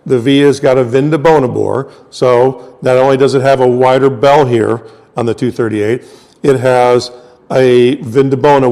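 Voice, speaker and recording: A man's voice: medium pitch, darkish tone. A middle-aged man from the United States, explaining instrument designs as a trumpet specialist in a patient, step-by-step way and often checking in with his listener. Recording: reverberant room with long echo.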